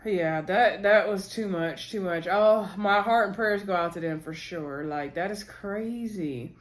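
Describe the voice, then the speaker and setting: A woman's voice: mid-range voice, a little slow. A woman casually recapping a reality TV episode, chatting to viewers as "y'all" and retelling scenes through quoted lines. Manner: retells scenes by quoting cast members.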